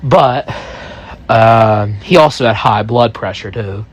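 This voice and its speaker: A man in his thirties telling a first-person story, rambling and halting, full of asides. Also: fairly low pitch, highs cut off.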